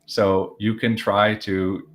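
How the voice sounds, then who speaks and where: A man's voice: on the low side, flat delivery, slow pace. A man running a tabletop role-playing game, narrating in long, rambling chains of "as he just says" with lots of fillers. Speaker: game master.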